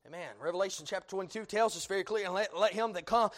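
Expressive and quick, with few pauses, a male preacher moves between hushed low moments and loud high points in his sermon. Amens and "uh" fillers come up frequently.

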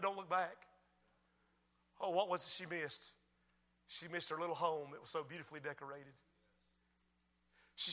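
A male pastor preaching a sermon in a church, moving between quiet lines and shouted appeals. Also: a little high. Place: church sanctuary.

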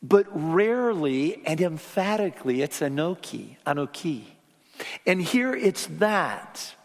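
A man preaching a sermon in a church sanctuary, his fairly high voice rising for emphasis and then dropping to a near hush. A long reverb from the large hall trails behind his words. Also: sing-song, slow pace. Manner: dynamic preaching, dropping to soft hushed tones for emphasis. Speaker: pastor.

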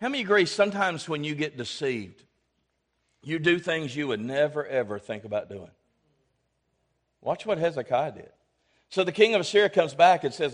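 A male pastor preaching a sermon, swinging from loud exhortation to quiet asides and calling for amens from the congregation. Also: on the high side, big pitch swings, moderate pace, long pauses.

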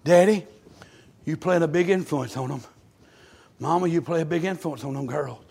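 High-voiced preacher, fervent. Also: male voice, normal speed, gravelly, a little mellow, slightly rough. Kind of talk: revival sermon. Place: church sanctuary.

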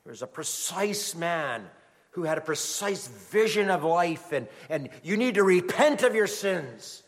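A middle-aged man preaching a sermon as a pastor, telling stories in an animated way. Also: fairly high pitch, a little slow. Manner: animated storytelling, acts out quoted voices. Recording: long hall reverb.

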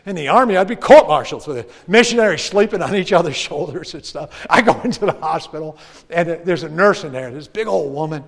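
A man telling a personal story to an audience in a lively way, acting out the other people's voices. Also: fairly high pitch, a little fast, creaky. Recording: long hall reverb.

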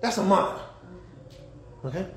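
A man preaching a sermon as pastor, animated, laughing and shouting at times. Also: sits high, unhurried, vocal fry, echoey room. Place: church.

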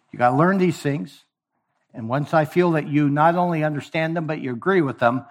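A man preaching a sermon, emphatic, repeating key phrases and acting out little dialogues. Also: a little high.

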